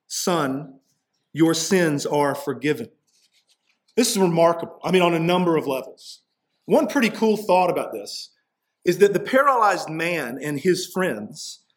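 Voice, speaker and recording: A man preaching a sermon in a conversational way, often checking in with "right?" and acting out the people he quotes. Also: fairly high pitch. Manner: conversational preaching, frequent "right?" asides, acts out quoted voices. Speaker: pastor.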